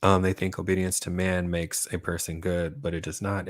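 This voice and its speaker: Man, channel host, low voice, dry close sound, loose rambling talk, keeps checking in with "right?", chuckles often. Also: little pitch movement, moderate pace, dry recording. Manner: rambling, keeps asking "right?", laughs between points. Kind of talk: casual livestream monologue answering viewer comments.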